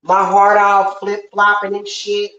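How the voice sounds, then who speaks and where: A woman's voice: medium pitch, monotone, a little slow, fairly bright tone. A woman hosting a casual witchy livestream, venting bluntly and profanely to her viewers. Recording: roomy, slightly dull home sound.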